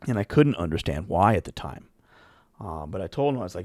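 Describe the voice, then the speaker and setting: A man casually telling a long personal story as a podcast host, rambling with frequent restarts and throat-clearing. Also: low-pitched, very animated, brisk, dry recording.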